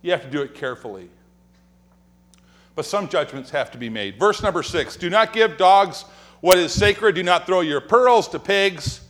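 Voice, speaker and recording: A male pastor delivers a sermon in a church sanctuary. His voice sits a little high and swings widely in pitch as he tells funny stories and acts out whispered gossip. He talks like a storyteller, building to punchlines. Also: normal speed. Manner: animated, joking storyteller who acts out quotes and whispers.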